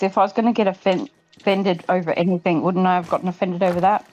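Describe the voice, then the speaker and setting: A woman chatting casually on a call, calm and matter-of-fact with short replies. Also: on the low side, quick pace, highs cut off. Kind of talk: casual chat.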